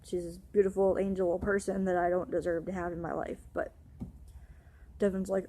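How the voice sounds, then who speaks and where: Husky-voiced young woman ranting. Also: fairly low pitch, flat delivery, mellow. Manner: upset, swearing, rapid run-on ranting. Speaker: vlogger. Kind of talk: ranting storytime vlog.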